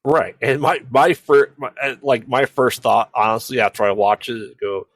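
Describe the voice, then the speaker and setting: A man's voice: medium pitch, steady tone, normal speed, a bit bright, no echo. A man co-hosting a podcast, chatting casually about a movie with dry quips and short agreements. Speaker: podcast co-host. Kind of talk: casual movie review chat.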